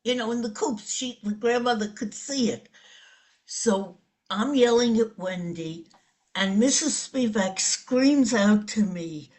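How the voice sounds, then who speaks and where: A woman in her seventies from New York City, telling a childhood story in an animated way during an oral history interview. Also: on the high side, slow. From the Bronx, New York City. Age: 70s.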